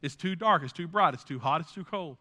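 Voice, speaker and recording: A male pastor preaching a sermon in an animated way, swinging from loud bursts down to hushed asides. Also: on the high side, brisk.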